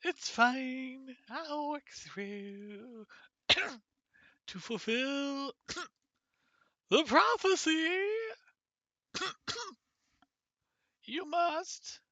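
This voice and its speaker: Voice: lively intonation, drawn-out words, long pauses, bright, forceful tone, dry recording, exaggerated voice. A streamer voicing a solemn spirit in a hallucination that keeps breaking into coughs while delivering a prophecy. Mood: solemn, spluttering. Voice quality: high, strained, coughing. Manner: grandly solemn, interrupted by coughing fits. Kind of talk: game dialogue read aloud by a streamer.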